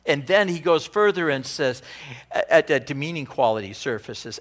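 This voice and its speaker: A male pastor preaches in an animated, conversational way, often restarting his sentences. His voice sits somewhat high and moves widely in pitch. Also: normal speed. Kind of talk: sermon.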